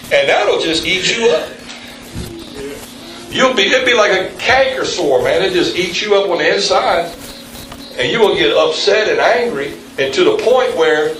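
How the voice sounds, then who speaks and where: A man preaching a sermon in a church, calling on the congregation for responses and jumping up in pitch for emphasis. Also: fairly bright tone, a little hiss or hum. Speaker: pastor. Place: church sanctuary. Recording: very echoey room, mic at a distance.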